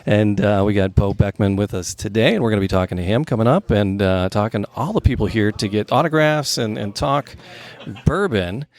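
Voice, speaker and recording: Gravelly-voiced man hosting casually. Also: lowish voice, lively intonation, fairly quick, darkish tone. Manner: easygoing, chatty interviewer. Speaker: podcast host. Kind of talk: casual interview at a live event. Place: outdoor wine garden event.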